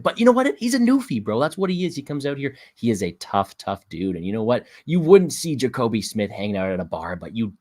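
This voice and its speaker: A man from Canada, a guest fight analyst on a casual podcast, talking excitably, repeating himself and swearing freely. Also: fairly low pitch, no room sound, clean studio sound.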